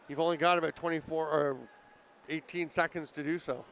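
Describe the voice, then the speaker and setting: A high-pitched male play-by-play announcer calling a lacrosse game from the booth. He talks through the rules in an easy explaining tone, then his voice leaps up when a shot rings off the post. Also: brisk, clear, resonant tone. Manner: excitable, rises sharply on big plays. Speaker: play-by-play commentator. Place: arena broadcast booth.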